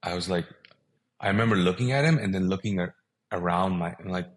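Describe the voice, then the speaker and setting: A man's voice: deep voice, a little fast. A middle-aged man whose first language is Urdu, telling a personal story as a guest and acting out the dialogue in it.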